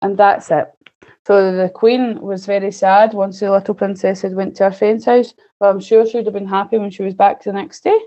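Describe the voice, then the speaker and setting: Woman, storybook reading for kids, gently expressive, mellow voice, slightly muffled sound. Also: medium pitch, normal speed. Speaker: early years student presenter. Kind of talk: reading a story aloud to children.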